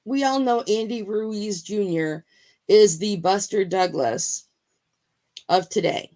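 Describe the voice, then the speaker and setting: A woman's voice: medium pitch, slow pace, warm tone. A woman guest on a casual livestream chat, talkative and keen on boxing. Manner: talkative, enthusiastic about boxing.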